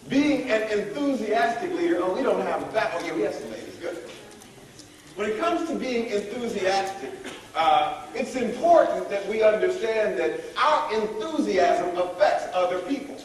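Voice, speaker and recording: High-voiced man in an echoey hall. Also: measured pace, recorded from a distance, slight background noise. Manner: energetic, calls on the audience to join in. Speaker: leadership workshop speaker. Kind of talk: motivational workshop talk. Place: large echoey room at a college event. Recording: echoey room, voice heard from afar.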